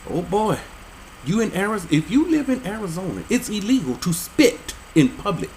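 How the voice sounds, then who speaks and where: A man reads strange laws aloud and breaks into incredulous, jokey asides. His pitch rises and falls a lot as he talks. A faint hiss of background noise sits under his voice. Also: very animated, normal speed, darkish tone, poor audio. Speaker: religious commentator. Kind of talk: reading laws aloud with commentary.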